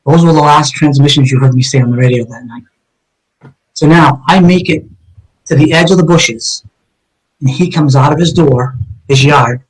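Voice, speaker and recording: A man's voice: a little high, normal speed, long pauses, husky, poor audio. A middle-aged man, a retired detective, telling his story as an interview guest in a vivid, intense way, often restarting and repeating words. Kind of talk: dramatic first-person storytelling in an interview.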